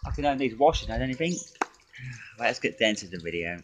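A man's voice: medium pitch, sing-song, a little fast, background noise. A man ranting and swearing at his critics in a casual drinking vlog, recorded outdoors in a garden. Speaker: drinking vlogger.

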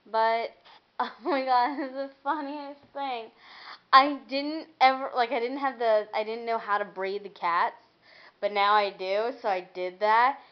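A woman's voice: a little high, highs cut off. Rambling young woman venting on a vlog. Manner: rambling, venting, swearing, laughing often. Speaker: vlogger. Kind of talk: casual vlog chat.

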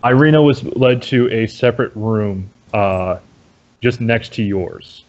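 A man narrating as dungeon master in a relaxed, halting way with many fillers. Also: fairly low pitch. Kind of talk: narrating a tabletop game. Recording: dull lo-fi audio.

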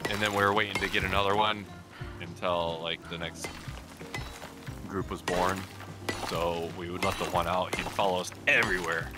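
A man's voice: deep voice, flat delivery, moderate pace, loud music behind the voice. A man hosting a co-op gameplay video, chatting casually and teasing his partner. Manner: teasing, joking banter. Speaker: gaming channel host.

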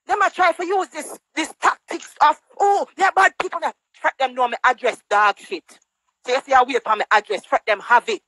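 A woman's voice: animated, normal speed, fairly bright tone, no room sound, low-quality recording. A woman with a Jamaican accent ranting angrily on a social media live stream over a phone, scolding and mocking in patois. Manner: angry, scolding, mocking quotes in higher voice. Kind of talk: heated live-stream rant.

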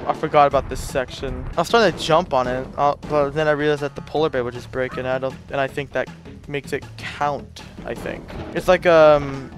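A man giving casual commentary while playing a video game, frustrated, swearing often and muttering to himself. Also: fairly high pitch. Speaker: let's play gamer. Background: game music.

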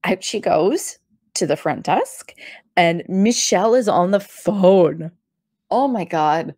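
A woman's voice: lowish voice, slow pace, dry recording. A young woman co-hosting a podcast, recapping a show in casual chat, giggly and acting out quotes. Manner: animated, giggly, acts out quotes. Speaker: podcast co-host.

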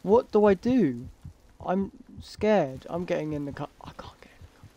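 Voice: mid-range voice, animated, moderate pace, mellow, dull audio. A let's play gamer, commentating a horror game in a jumpy way, talking to the game's characters. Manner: jumpy, talks to game characters, startled shrieks.

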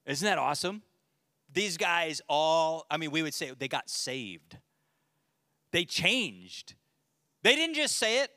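A man's voice: a little high, pushed and bright, no echo, studio quality. A man, a pastor, giving a casual, joking Bible teaching to a men's study group and reading scripture aloud.

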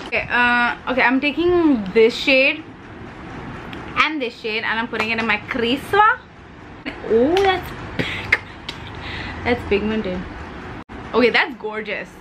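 Chatty Indian woman, slightly high voice. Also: unhurried, background noise. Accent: Indian English. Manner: chatty and playful, slips Hindi words in. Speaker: beauty vlogger. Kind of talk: casual chat while doing makeup.

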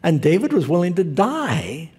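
A man's voice: a little high, wildly swooping pitch, moderate pace, darkish tone, slightly rough. A male pastor who preaches a sermon in a folksy, storytelling way.

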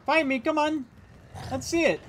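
A man's voice: normal speed, a little hiss or hum. A man putting on a boastful, taunting voice as the top alien killer in a multiplayer horror game, with game music behind him. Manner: boastful, taunting, high and loud. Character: cocky trash-talking male alien killer. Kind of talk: in-game trash talk.

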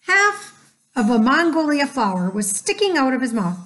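A woman narrating a children's chapter book aloud in a gentle, measured way. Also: sits high, very animated. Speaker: storyteller. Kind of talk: scripted storybook narration.

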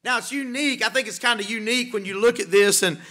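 A man's voice: high-pitched, fast, pushed and bright. A male pastor preaching an evening sermon in a church, emphatic, asking rhetorical questions and repeating key phrases. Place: church sanctuary.

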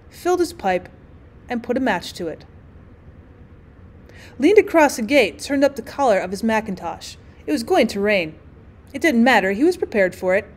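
A woman's voice: on the high side, darkish tone. A young woman reading a classic short story aloud as a teacher, voicing the dialogue expressively.

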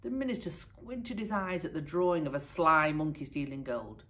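A primary school teacher reading a picture book aloud to her pupils. Her woman's voice sits low and is expressive and lively as she tells the story. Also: normal speed. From United Kingdom.

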